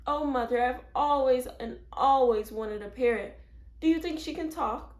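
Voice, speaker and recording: A woman's voice: high-pitched, expressive, brisk, pitched above the performer's own voice. A woman voicing an eager, curious young girl in a read-aloud storybook, asking question after question. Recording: roomy echo.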